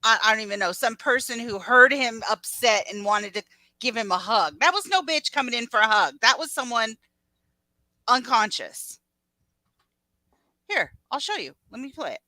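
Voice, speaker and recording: A woman co-hosting a livestream from a home mic, telling a story excitedly and swearing freely. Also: a little high, normal speed, dry recording, rough recording. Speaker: livestream co-host. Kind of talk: casual gossip chat.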